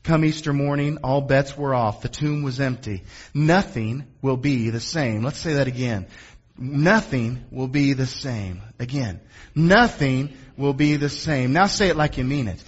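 A man preaching a sermon as pastor, animated and calling on the congregation to answer back. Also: mid-range voice, a little slow, slightly rough, highs cut off. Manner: animated preaching with call-and-response asks of the congregation.

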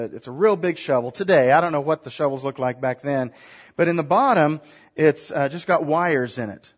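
A male preacher gives a sermon in a relaxed, conversational manner. He often checks in with his listeners by asking them questions. His voice sits a bit higher than most men's. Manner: conversational, asks the congregation questions.

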